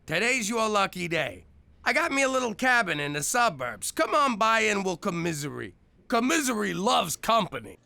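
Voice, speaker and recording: Brash cartoon ex-mobster, gravelly and lively. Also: male voice, high voice, moderate pace, no echo, heavily acted. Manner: gravelly, excitable. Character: brash former mob boss, middle-aged man. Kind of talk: adult cartoon voice acting.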